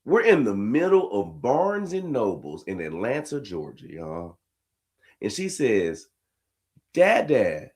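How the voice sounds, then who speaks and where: Animated man, slow swinging delivery. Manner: animated, drops to low asides then bursts into high laughing shouts. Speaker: host telling a family story. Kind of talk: storytelling comedy reaction.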